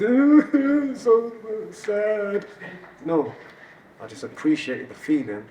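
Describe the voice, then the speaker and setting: A man sharing a personal story on stage at an event, animated and laughing as he talks. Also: mid-range voice. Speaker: event speaker. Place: event hall. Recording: roomy hall audio from a distance, audience noise.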